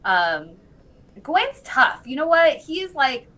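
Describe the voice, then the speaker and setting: A woman recapping TV episodes in casual chat, telling the story with lots of fillers and quick bits of the characters' lines. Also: sits high, sing-song, sharp tone, rough recording. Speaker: podcast guest.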